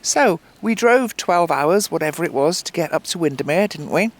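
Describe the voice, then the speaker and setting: Sitting by a fire on a beach, a woman who founded a swimming group tells a story for an interview, acting out other people's lines with animation. Her voice is on the low side, expressive and moderately paced. The handheld microphone picks up a little hiss or hum.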